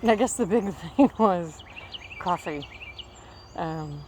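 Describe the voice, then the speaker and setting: A woman's voice: lowish voice, expressive, slow pace, a little mellow. Slightly breathless woman chatting on a walk. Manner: chatty, calls commands to her dog. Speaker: vlogger walking her dog. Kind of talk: casual walking vlog. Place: outdoors in a small town. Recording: noisy outdoor recording.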